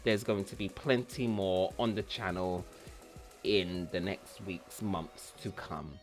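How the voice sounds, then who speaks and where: A man's voice: low voice, steady tone, slow, soft background music. A man hosting a casual cooking vlog, chatty and rambling, who repeats words for fun. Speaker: cooking channel host.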